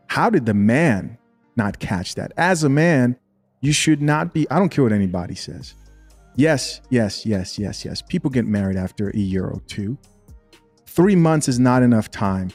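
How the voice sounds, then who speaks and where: A man's voice: lowish voice, darkish tone. A man giving blunt, opinionated commentary as he reacts to a video and talks back to it.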